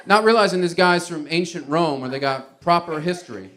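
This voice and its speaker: A man doing a stand-up comedy set, telling a rambling, conversational story in an animated way. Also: fairly high pitch, a little fast, few pauses.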